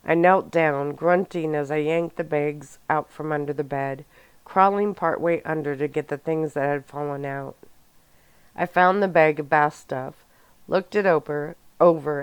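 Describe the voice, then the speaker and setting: A woman reads a first-person story in a calm, soft-spoken ASMR audiobook style. Her voice is low and smooth, and she takes her time. The recording is dry and close. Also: unhurried, no room sound. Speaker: audiobook narrator.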